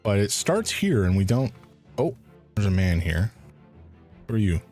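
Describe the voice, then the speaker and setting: A man's voice: fairly low pitch, big pitch swings, a little slow, darkish tone, faint music behind. A man streaming a first playthrough of a detective game, thinking aloud in a hesitant way with frequent restarts. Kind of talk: casual live game commentary.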